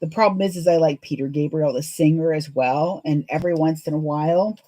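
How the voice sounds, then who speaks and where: A woman's voice: deep voice, fairly quick, mellow, rough recording. A woman chatting in a rambling, laughing way as she hosts a live sewing stream. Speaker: sewing livestream host. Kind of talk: casual chat while sewing live.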